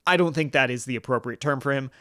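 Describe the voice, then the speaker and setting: A man's voice: mid-range voice, a bit bright, dry recording, clean studio sound. Earnest male political podcast host. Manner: earnest, halting, many restarts and fillers.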